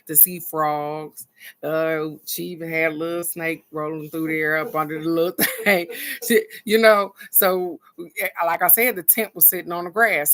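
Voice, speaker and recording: A middle-aged woman, a spiritual card reader and vlog host, gives a casual motivational talk in a low-sitting voice. She is animated and earnest, shifting between excited bursts and soft encouragement.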